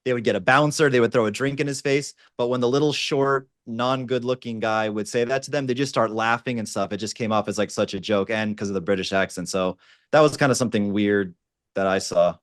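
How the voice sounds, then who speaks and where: A man on a video call with a dating coach panel, telling an animated story in casual chat. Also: on the low side, brisk, no room sound, studio quality. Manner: animated storyteller, mimics voices.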